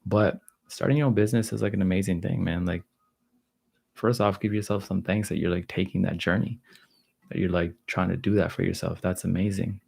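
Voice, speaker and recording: A man's voice: deep voice, fairly quick, vocal fry, slightly rough. A man in his thirties hosting a casual livestream and answering viewer questions, talking loosely with plenty of "like" and "you know". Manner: loose, relaxed talk full of "like" and "you know".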